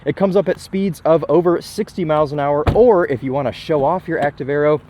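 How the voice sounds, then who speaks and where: A man's voice: on the high side, fairly quick, background noise. Chatty young man reviewing a car. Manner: enthusiastic, chatty, self-deprecating asides. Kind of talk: casual car walkaround commentary.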